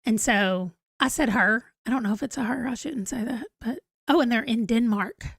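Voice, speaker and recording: A woman's voice: on the high side, moderate pace, no room sound. A woman in her forties hosting a casual livestream, chatty and rambling as she reads viewer comments aloud. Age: 40s. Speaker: book channel host.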